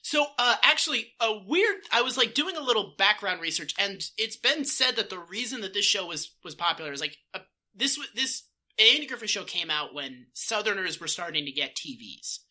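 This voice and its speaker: A man co-hosting a podcast in casual chat, animated and swearing, slipping into mock voices. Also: sits high, brisk. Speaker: podcast co-host.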